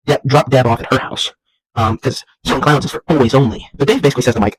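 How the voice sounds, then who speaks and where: A man's voice: medium pitch, animated, rapid-fire, breathy edge, no room sound, rough recording. A young man hosting a casual comedic vlog at home, rambling and jumping into silly voices. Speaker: vlog host. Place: at home while folding laundry.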